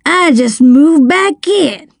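A woman voicing a drunk, violent middle-aged man who snarls threats, read slowly in a dry, close storybook reading. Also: sits high, expressive, creaky, no echo, pitched above the performer's own voice, exaggerated voice. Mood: menacing.

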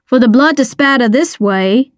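A woman's voice: high-pitched, moderate pace, no room sound, studio quality, natural voice. A woman reading aloud, voicing a stern small-town male detective who barks orders. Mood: commanding. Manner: barking orders.

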